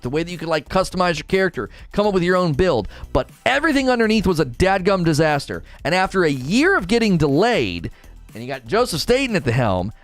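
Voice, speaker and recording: A man co-hosting a casual gaming chat, ranting in an animated, emphatic way. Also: sits high. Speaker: podcast co-host.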